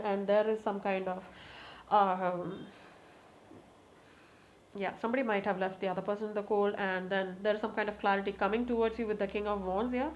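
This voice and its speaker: A woman does a casual tarot reading, speaking straight to her cards and repeating her requests to them. Her voice sits at an ordinary pitch and now and then breaks into excited exclamations. The recording is a little muffled, with a faint hiss of noise behind her. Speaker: tarot reader.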